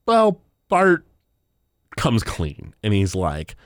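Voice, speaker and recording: A man's voice: on the low side, huge pitch swings, extremely slow, no echo, studio quality. A man co-hosting a podcast in casual chat, retelling scenes loosely with many fillers and laughs. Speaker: podcast co-host recapping an episode.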